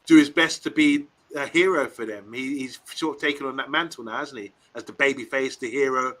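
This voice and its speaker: A man, co-hosting a casual live stream, animated and laughing, with lots of tag questions. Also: medium pitch, a little fast, poor audio. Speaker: co-host.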